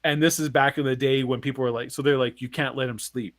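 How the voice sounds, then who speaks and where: A man's voice: medium pitch, fast talker, no echo. A man in his forties, a podcast co-host, telling a long personal story in casual chat and acting out the voices of the people in it. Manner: animated, acts out quoted voices, swears.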